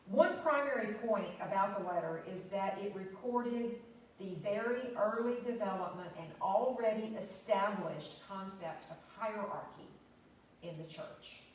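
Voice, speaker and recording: A woman's voice: medium pitch, a little slow, slight background noise. Woman lecturing in an echoey church hall. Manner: unscripted, with fillers and restarts, stressing key words. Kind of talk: church history talk. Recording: very echoey, distant room recording.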